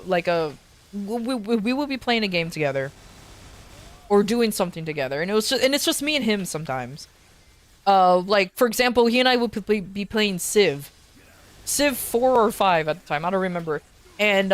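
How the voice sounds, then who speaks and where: A woman streamer casually telling a story, rambling, stammering and swearing freely. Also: medium pitch.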